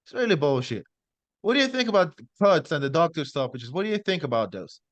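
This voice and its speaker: A young man hosting a podcast, excitable and blunt, swearing freely as he talks about fighting. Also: fairly high pitch, quick pace, dry recording. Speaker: podcast host. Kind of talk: casual podcast interview.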